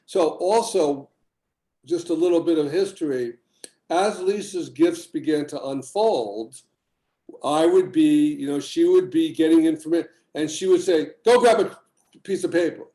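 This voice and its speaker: An older man with a mellow, somewhat high voice tells long, rambling stories in a casual podcast chat. He livens up when he quotes other people. The sound is roomy and echoey. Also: unhurried. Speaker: healing practitioner guest.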